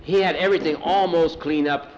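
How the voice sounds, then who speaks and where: A man narrating a story in a plain, unhurried, folksy way. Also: on the high side, steady tone, a little hiss or hum, poor audio. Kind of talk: oral storytelling.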